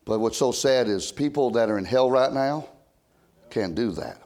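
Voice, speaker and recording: An older man preaching an old-time sermon from a church pulpit, rising to loud shouted emphasis and dropping to quiet asides. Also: mid-range voice, moderate pace. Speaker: pastor.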